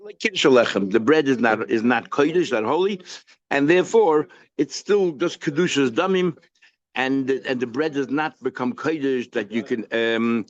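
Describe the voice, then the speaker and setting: In a casual daily Talmud class, a rabbi asks questions and supplies the answers himself. His male voice is mid-range, he switches between English and Hebrew and Yiddish terms, and the audio sounds dull.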